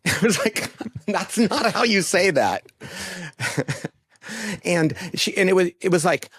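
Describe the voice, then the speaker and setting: A man speaking as an interview guest, expressive and often acting out the voices of the people he quotes. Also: high-pitched, slow, long pauses, breathy edge, no echo, studio quality. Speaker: guest author. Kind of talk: casual interview chat.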